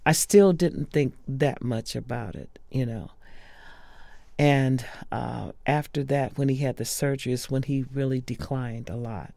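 A woman sharing personal memories of a close friend in an interview, soft-spoken and often dropping to a hush. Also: very deep voice, a little slow, vocal fry, no echo.

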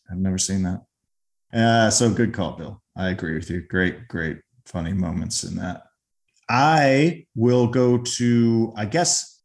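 A film commentator with a lowish, slightly mellow voice casually recaps a favorite scene from a comedy. He's chatty and keeps restarting, acting out the quotes as he retells it.

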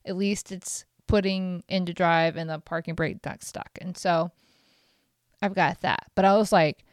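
A woman hosting a solo podcast, telling an exasperated, profane story in an animated way. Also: on the low side, unhurried, no echo, studio quality. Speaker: podcast host.

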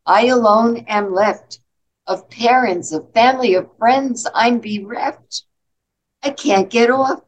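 A woman's voice: on the high side, takes it slowly, poor audio. A woman voicing a sad little girl left alone on a train, reading from a poem, pleading and tearful. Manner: tearful, pleading, then delighted.

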